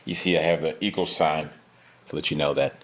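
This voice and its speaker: A man's voice: very deep voice, steady tone, a little fast, a little hiss or hum. A man playing an earnest, self-righteous activist in a comedy sketch. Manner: preachy, earnest.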